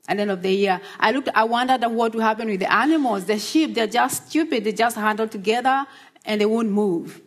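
A woman delivers a sermon at a slow, deliberate pace. Her voice sits at a middle pitch, earnest and encouraging. She leans on rhetorical questions to coax her listeners along. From Australia. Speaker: preacher.

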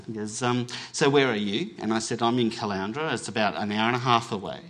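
Australian man telling a lively story. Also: fairly low pitch, fairly quick. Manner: lively storyteller who acts out both sides of conversations; self-deprecating, laughs at his own jokes. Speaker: chef giving a testimony talk. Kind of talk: anecdotal storytelling to an audience.

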